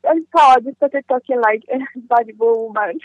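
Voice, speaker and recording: Female comedian and actress being interviewed; relaxed and chatty, dry recording. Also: on the high side, brisk, no room sound, dull audio. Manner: chatty, leans on "you know". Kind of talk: casual interview answers.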